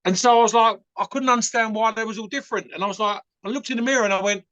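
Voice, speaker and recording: As a podcast guest, this Essex-accented English man spins casual stories frankly and ramblingly, with lots of fillers. He talks fast with few pauses in a high, steady, slightly bright voice; there's no echo, but the audio sounds dull.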